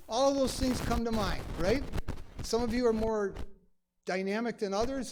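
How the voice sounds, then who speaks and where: A man's voice: high voice, normal speed, a little hiss or hum. A man teaching a conversational Bible study in a church, emphatic and chatty, full of asides. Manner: emphatic, acts out quoted lines; chatty, many "you know" asides.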